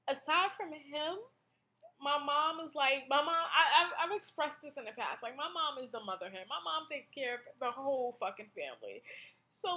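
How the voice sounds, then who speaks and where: A young woman in a personal confessional monologue, halting and emotional, with many fillers and restarts. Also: high-pitched, pushed and bright. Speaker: blogger.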